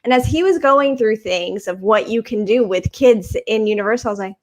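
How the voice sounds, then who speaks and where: A woman's voice: mid-range voice, fairly quick, a little hiss or hum. A woman hosting a casual podcast chat, easygoing and agreeable. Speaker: podcast host.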